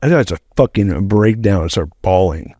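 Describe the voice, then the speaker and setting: Middle-aged male podcast guest, deep and dry, loose profane storyteller. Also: moderate pace, no echo. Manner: animated, rambling, heavy use of "like", swears freely. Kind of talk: casual storytelling.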